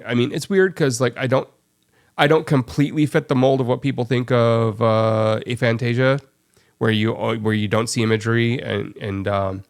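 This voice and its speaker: A man hosting a live stream, talking in a loose, rambling way with plenty of fillers. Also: mid-range voice. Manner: rambling storyteller with many fillers. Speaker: stream host. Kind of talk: casual chat.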